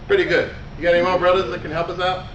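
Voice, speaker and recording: A man's voice: high-pitched, flat delivery, very fast, very noisy, lightly acted. A man playing a jolly male islander who laughs and coaxes a live youth group audience through a comedy skit. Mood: cheerful coaxing. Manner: playful, laughing, coaxing the crowd. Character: jolly male islander named Brother Joe. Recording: echoey hall, far mic, dull, loud crowd.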